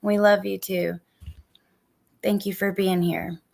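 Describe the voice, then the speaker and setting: A woman's voice: medium pitch, little pitch movement, takes it slowly, gravelly, darkish tone. A woman hosting a livestream, reacting to clips and summing up for viewers in a casual chat. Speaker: livestream host.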